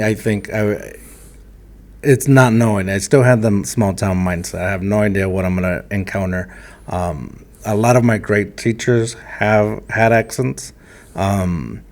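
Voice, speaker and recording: A man hosting a podcast, chatting in a relaxed, candid and self-deprecating way. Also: fairly low pitch. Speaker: podcast host. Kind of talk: casual conversation.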